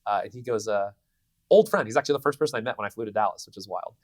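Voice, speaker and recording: A man in his thirties, a voice actor giving a convention interview, telling stories in an animated way with many restarts. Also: fairly low pitch, racing, no room sound. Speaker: voice actor guest. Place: convention venue.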